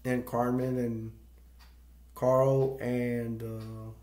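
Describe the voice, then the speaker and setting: A man of middle pitch talks casually through a film's story and keeps stopping to search for the right word. His voice sounds echoey, as if recorded in a bare room. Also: level tone, extremely slow, mellow. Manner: rambling, searching for words. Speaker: movie review channel host. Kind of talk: casual plot recap.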